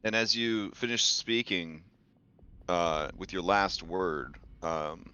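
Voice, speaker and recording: A man narrating as game master of a tabletop game, relaxed and hedging with many fillers. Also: sits low, slow pace, clear, resonant tone. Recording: dull lo-fi sound with music behind.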